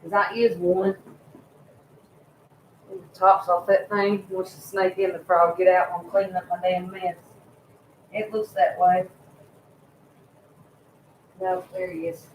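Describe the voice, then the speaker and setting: A woman's voice: lowish voice, flat delivery, slow, pauses often, roomy sound, slight background noise, rough recording. A woman hosting a casual live stream, loose and swearing freely while she chats with viewers and fusses over her pets. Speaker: livestream host.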